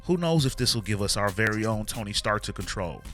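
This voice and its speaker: A man's voice: lowish voice, lively intonation, a little fast, fairly bright tone, faint music behind. Scornful villain leader, cool and scheming, read by a male narrator. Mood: dismissive. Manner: dismissive, scheming.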